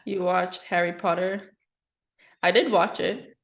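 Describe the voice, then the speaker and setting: A woman's voice: on the low side, steady tone. A woman in her twenties co-hosting a podcast, chatting casually and agreeably. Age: 20s. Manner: easygoing, agreeable, quick to laugh. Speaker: podcast co-host. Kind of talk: casual chat.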